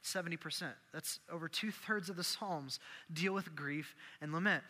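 A man preaching a sermon, animated and acting out the prayers and voices he quotes. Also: a little high, moderate pace, big-room sound. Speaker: pastor.

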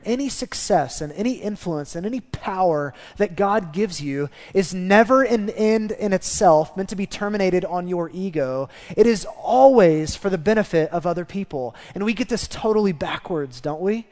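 Guy preaching a sermon, fairly high voice, lots of hall reverb, acts out the bits. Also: animated, moderate pace, darkish tone. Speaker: pastor.

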